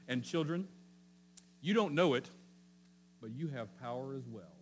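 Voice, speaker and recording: A man's voice: mid-range voice, lively intonation, measured pace, pauses often, breathy edge, low-quality recording. A male pastor preaching in a conversational way, speaking directly to the children and often checking in with his listeners. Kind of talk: sermon.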